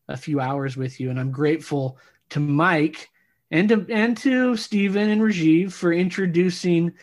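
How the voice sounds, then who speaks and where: A man co-hosting a podcast, speaking haltingly with stammers and filler words. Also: mid-range voice. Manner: halting, stammers and fills pauses. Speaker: podcast co-host. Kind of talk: podcast interview.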